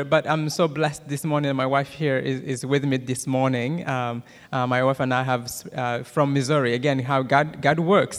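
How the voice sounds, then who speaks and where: Speaking as a guest, a Rwandan man in his thirties with a Rwandan accent delivers a church testimony and prayer. His mid-range voice moves fast, full of "uh" fillers and jokes with the audience, and a long hall reverb trails behind it.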